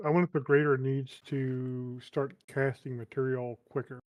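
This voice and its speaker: A relaxed man joins the conversation as a co-host, adding practical remarks in a casual tone. His voice sits at an ordinary pitch for a man. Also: normal speed, no echo, dull audio. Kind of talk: casual chat.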